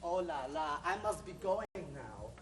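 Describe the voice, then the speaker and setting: A woman's voice: low voice, animated, measured pace. A woman playing a hammy fake-French informant. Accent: mock French and German accent. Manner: hammy, theatrical. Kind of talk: amateur stage comedy. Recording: roomy stage audio from far off, noisy.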